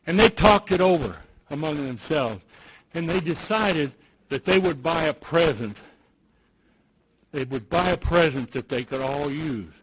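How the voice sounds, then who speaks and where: Guy speaking at a recovery meeting, kinda high voice, tells it dramatic, goes real quiet then loud. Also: breathy edge, rough recording. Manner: dramatic storyteller, sinks to near-whispers then builds loud. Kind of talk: personal storytelling speech. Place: meeting room with audience.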